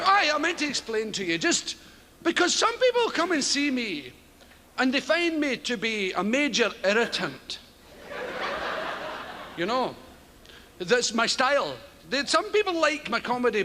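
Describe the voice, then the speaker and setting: A Scottish stand-up comedian telling rambling, profane stories with frequent chuckles. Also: male voice, extremely high pitch, big pitch swings, normal speed, long pauses. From Scotland. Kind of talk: stand-up routine. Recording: heavy background noise.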